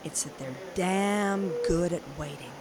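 A man playing a brash, reckless female head doctor who delivers blunt deadpan insults. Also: sits high, measured pace, over loud music, pitched above the performer's own voice.

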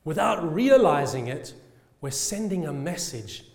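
Passionate British preacher in an echoing hall. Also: male voice, on the high side, big pitch swings, vocal fry, darkish tone. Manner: passionate, with rhetorical questions and slow emphatic phrases. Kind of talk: sermon.

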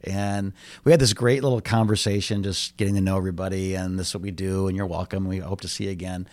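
A man in his fifties, a pastor, telling lively family stories with jokes in a casual interview. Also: sits low, fast talker, no room sound. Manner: animated storyteller, jokes.

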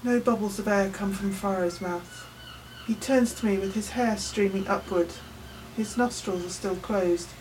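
A woman's voice: medium pitch, unhurried, a little mellow, distant mic, a little hiss or hum, rough recording. A woman reading a novel aloud in the first person, with tense, vivid storytelling. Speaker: audiobook narrator. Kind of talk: first-person audiobook narration.

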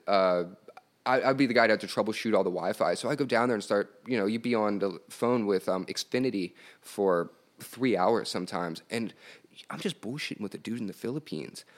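A man chatting as a podcast guest in an easy, unhurried way. He wanders through his stories with fillers and keeps breaking into laughter. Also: on the low side. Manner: laid-back, laughing, rambling storyteller. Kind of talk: casual chat.

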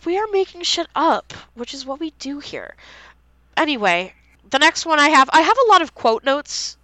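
Animated young woman, bright and lively. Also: high voice, moderate pace, dry recording, rough recording. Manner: animated, reads out favorite quotes, swears freely. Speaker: podcast co-host. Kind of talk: casual fan podcast chat.

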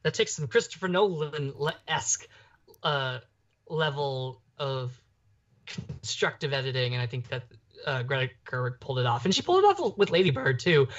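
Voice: mid-range voice, sing-song, moderate pace. A young adult podcast co-host talking casually about a film, rambling with lots of fillers and restarts. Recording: dull lo-fi podcast audio.

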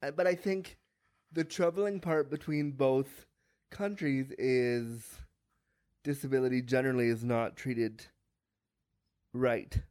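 A man from Canada, a guest on a podcast, talking frankly and lively, acting out what other people say with humor. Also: medium pitch, slow pace, long pauses, dry recording. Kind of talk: candid podcast interview.

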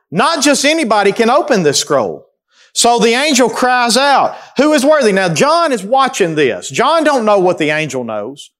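High-voiced emphatic preacher. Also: male voice. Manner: emphatic, questions the congregation and answers himself. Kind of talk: sermon teaching through scripture.

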